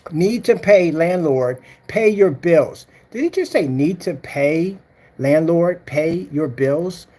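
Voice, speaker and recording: Mocking vlogger with a swooping voice. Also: medium pitch. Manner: mocking, scolding, reads comments aloud. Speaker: vlogger replying to a troll. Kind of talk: casual rant to camera.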